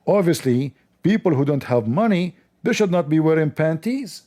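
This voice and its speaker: A man with a fairly high, warm, very animated voice hosts a livestream, talking at normal speed with hardly any pauses. He gives sarcastic commentary on a video, mocking and scornful with exaggerated incredulity, using non-standard English grammar.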